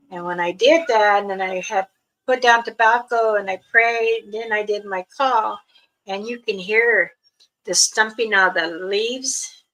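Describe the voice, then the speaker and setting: An older woman, a spiritual elder, talking casually to her viewers in a slow, soft, halting way with many pauses. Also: medium pitch, poor audio. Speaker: spiritual elder and channel host.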